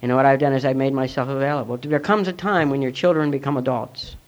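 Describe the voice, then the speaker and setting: Earnest and reflective, a middle-aged man speaks fast in a mid-range, fairly even voice as he recounts his story as testimony at a recovery meeting. The recording is dull and lo-fi.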